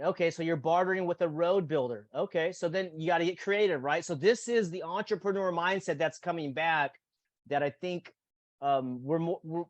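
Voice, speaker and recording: A man hosting a casual podcast conversation, talking in an animated way and acting out quotes in goofy voices. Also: fairly high pitch, no echo, dull audio. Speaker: host.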